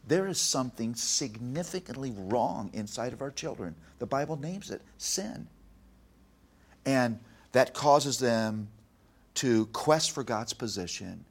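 A middle-aged man speaking earnestly in an interview, preaching with emphasis and softly retelling conversations with his child. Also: medium pitch, measured pace, breathy edge. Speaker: guest, Christian author on parenting. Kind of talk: earnest interview talk with told anecdotes.

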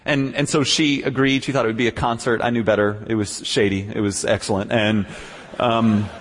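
A man preaching, telling a personal story with animated swings from quiet and low to loud, high outbursts, often stammering on restarts. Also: moderate pace, in a large hall, a little hiss or hum. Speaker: pastor. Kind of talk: sermon storytelling.

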